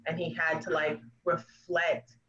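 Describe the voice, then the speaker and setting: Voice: medium pitch, flat delivery, unhurried, muffled recording, noisy background. A podcast guest in casual chat, earnest and enthusiastic, speaking over a video call.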